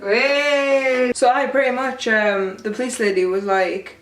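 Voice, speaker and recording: A woman's voice: on the high side, fairly even intonation, a little slow, hardly any pauses. A young woman telling a rambling, self-mocking storytime to camera at home. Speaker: vlogger. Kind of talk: casual storytime chat to camera. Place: room at home. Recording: roomy sound from a far mic.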